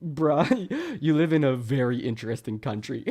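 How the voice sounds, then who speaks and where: A man's voice: mid-range voice, very animated, moderate pace, dark tone. A man from Canada ranting sarcastically on a live stream, mocking chat with laughs and put-on voices. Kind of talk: casual live-stream rant.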